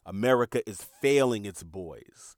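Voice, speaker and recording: A man's voice: lowish voice, animated, unhurried, no room sound, studio quality. A man hosting a podcast, talking in an earnest, reflective monologue and repeating words as he searches for them. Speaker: podcast host.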